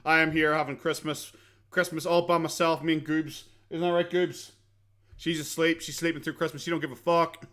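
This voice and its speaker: A man's voice: a little high, little pitch movement, normal speed, fairly bright tone. An Irish man hosting a live watchalong from home late at night, chatting casually in a sarcastic tone, swearing freely and often stammering and restarting. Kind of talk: casual live-stream commentary.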